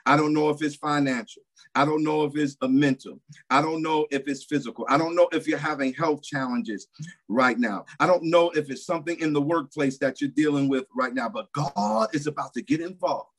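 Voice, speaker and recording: A man preaching a sermon in a church service, emphatic and repetitive, swinging between loud declarations and hushed asides. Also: on the high side, brisk.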